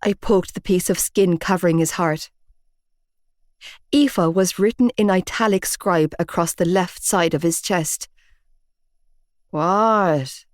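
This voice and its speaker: A woman narrating a romance audiobook in first person, measured and expressive. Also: fairly low pitch, no echo, studio quality.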